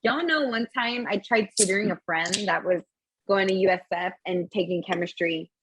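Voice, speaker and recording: A woman's voice: medium pitch, moderate pace, a bit bright, slightly rough, dry recording, low-quality recording. A young woman co-hosting a casual podcast chat, laughing often and swearing casually as she tells stories. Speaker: podcast co-host.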